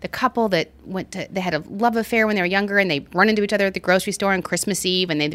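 A woman's voice: medium pitch, rapid-fire, fairly bright tone. A woman co-hosting a podcast in casual chat, telling a story and bursting into sung lines. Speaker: podcast co-host.

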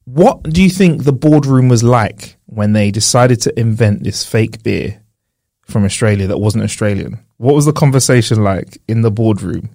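A man's voice: on the low side, moderate pace, a little mellow, no echo, clean studio sound. A man from the UK co-hosting a podcast, joking around in casual chat and laughing often. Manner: jokey, laughs often, does silly voices. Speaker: podcast co-host.

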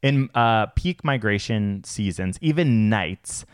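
A man's voice: lowish voice, expressive, slow, smooth, no echo, studio quality. A man co-hosting a podcast in casual chat, playful and jokey with sassy asides. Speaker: podcast co-host.

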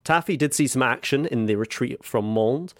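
A man's voice: mid-range voice, normal speed, no echo, studio quality. A man co-hosting a comedy podcast, telling a story in a mock-grand way and swearing as he laughs. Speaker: co-host. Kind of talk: comic podcast chat.

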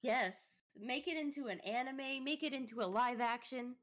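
A woman's voice: sits high, moderate pace, fairly bright tone. A woman co-hosting a podcast, reacting playfully and giggling in a casual chat while playing a video game. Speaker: podcast co-host.

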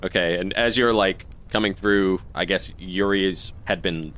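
A man running a tabletop game as game master, giving brief, relaxed rulings. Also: low voice, unhurried.

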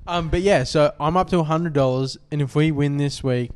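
A man's voice: fairly high pitch, moderate pace, a little mellow, clean tone. Laid-back young man. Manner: laid-back, swearing banter. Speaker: podcast co-host. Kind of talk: casual chat.

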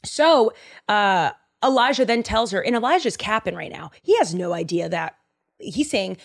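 A woman podcast host retells Bible stories in loose, slang-filled chat. Her delivery is animated and conversational, with a natural middle pitch. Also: moderate pace, creaky.

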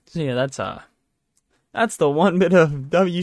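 On his solo podcast, recorded at home on a handheld mic, the young man speaks in a higher voice, unhurried and with long pauses. Yawning and weary, he rambles, apologizes and mocks himself, in echo-free studio-quality sound.

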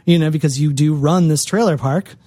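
Man from massachusetts, podcast guest, swearing, sardonic, rambling, slightly high voice, dry close sound. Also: brisk, warm tone, no room sound. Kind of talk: casual podcast interview.

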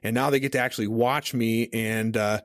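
A man hosting a casual teaching podcast, talking in a relaxed, conversational way with many fillers, at a studio mic on a stand. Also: medium pitch, brisk, no echo. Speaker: podcast host. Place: home studio at a desk.

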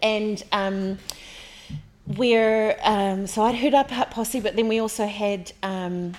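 A woman's voice: medium pitch, steady tone, darkish tone. A woman in her forties with a New Zealand accent, hosting a casual interview, chatty and enthusiastic. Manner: chatty and enthusiastic, quick to laugh. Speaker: podcast host.

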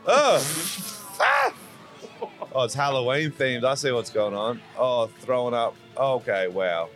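A man's voice: medium pitch, very animated, a little slow, fairly bright tone, faint music behind. A man co-hosting a podcast, reacting to clips with laid-back amusement. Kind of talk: casual podcast chat.

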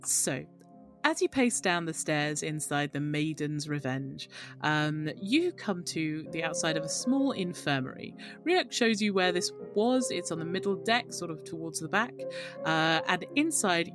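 Game master woman, relaxed, halting narration, faint music bed. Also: lowish voice. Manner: relaxed, filler-heavy narration.

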